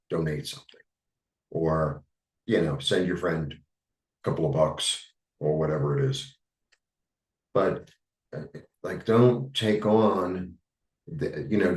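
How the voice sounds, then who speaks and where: Man, New York accent, very low voice, rambling with fillers, distant mic in an echoey room. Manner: rambling, halting, many fillers. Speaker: tarot reader. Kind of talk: casual spiritual monologue.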